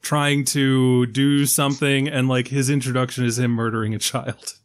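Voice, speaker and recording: A man's voice: mid-range voice, level tone, normal speed. A man hosting a film podcast in casual chat, joking and laughing often. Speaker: podcast host.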